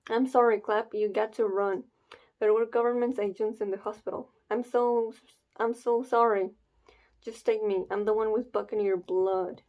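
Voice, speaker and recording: A woman's voice: mid-range voice, fairly even intonation, normal speed, warm tone, close to an everyday voice. A woman reading the lines of a desperate young father who begs his captors, in an urgent, pleading way, from a comic she reacts to.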